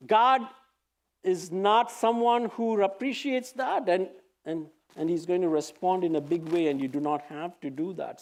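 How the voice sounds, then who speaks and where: High-voiced pastor preaching earnestly. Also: male voice, darkish tone. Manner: earnest, exhorting, reads scripture aloud with pauses. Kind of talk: sermon.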